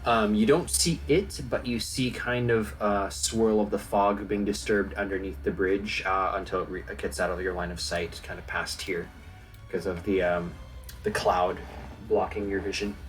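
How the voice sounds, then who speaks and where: Brief: low-voiced man, dungeon master, easygoing and halting as he describes scenes. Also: soft background music. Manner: relaxed, hesitant with fillers. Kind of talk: narrating a tabletop game.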